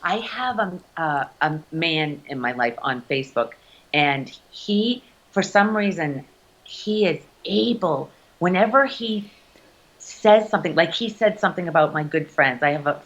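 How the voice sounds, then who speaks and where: A woman from the United States speaking as a guest on a casual video call, earnest and halting, often restarting her sentences. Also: deep voice, animated, fairly bright tone, dull audio.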